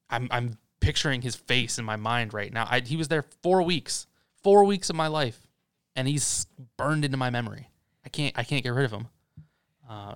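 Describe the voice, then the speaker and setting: A young man with a smooth, clean voice, recorded dry and close. He co-hosts a casual podcast chat and vents heatedly, cursing freely. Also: mid-range voice, fairly bright tone, no echo. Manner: heated, swearing often, venting. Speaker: podcast co-host.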